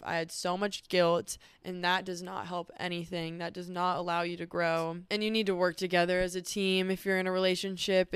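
A woman's voice: lowish voice, clean tone, no room sound. A woman hosting a podcast, talking candidly and earnestly about her feelings in a personal monologue. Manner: earnest and emotional, speaking frankly about feelings. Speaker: podcast host.

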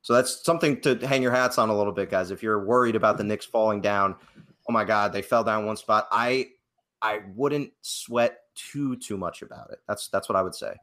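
A man's voice: on the low side, a little fast, fairly bright tone. Young man, podcast co-host, opinionated, laughing easily, webcam mic. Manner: chatty, opinionated, laughs often. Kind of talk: casual live sports podcast chat. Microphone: webcam and computer mic.

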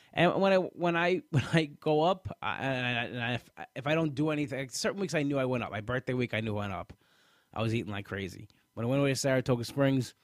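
A man's voice: medium pitch, no echo, studio quality. A man, a comedian, talking casually about his weight loss in a frustrated, rambling way with many restarts. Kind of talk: casual monologue.

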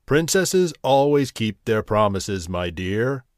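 Guy doing a firm old storybook king, louder, lively delivery. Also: mid-range voice, slow, dry recording, studio quality. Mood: stern. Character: stern fatherly old king.

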